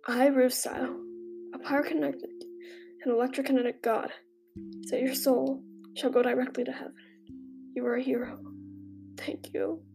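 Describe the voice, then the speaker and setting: Brooding young male fire god, read by a woman, hushed, whispery, broken, gravelly edge, storybook reading. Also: high-pitched, flat delivery, moderate pace, pauses often, music in the background. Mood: grieving. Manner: quiet and broken, often whispered. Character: grief-stricken young man with fire powers, brooding.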